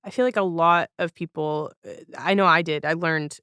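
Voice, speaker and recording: Bright, smooth-voiced podcast host. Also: mid-range voice, steady tone, normal speed, no echo, clean studio sound. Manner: easygoing, laughs often. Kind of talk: casual podcast chat.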